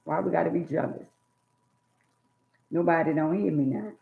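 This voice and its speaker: A woman's voice: sits low, normal speed, gravelly, long pauses. A woman preaching life advice straight to her viewers in an emphatic, sermon-like monologue. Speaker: vlogger giving life advice. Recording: tinny phone-like sound in an echoey room.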